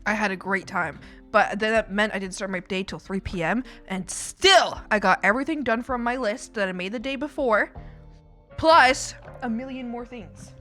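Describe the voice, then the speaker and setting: This young Canadian streamer keeps a moderate pace in a mid-range, pushed, bright voice. Her casual chat wanders, full of laughter and free swearing, and faint music can be heard behind her.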